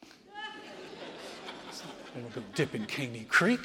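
A man's voice: medium pitch, big pitch swings, a little slow, long reverb tail, crowd noise, noisy background, voice pushed down. A man preaching, voicing a proud and angry male army commander who scoffs at his instructions. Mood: indignant. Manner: indignant, scoffing.

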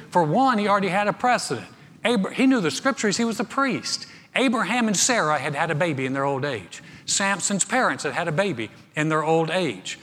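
A man preaching in a storytelling, humorous way, often repeating words. His voice is fairly high for a man. A long reverb trails his voice, as if in a large church. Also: lively intonation, moderate pace, a bit bright. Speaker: pastor. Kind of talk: sermon.

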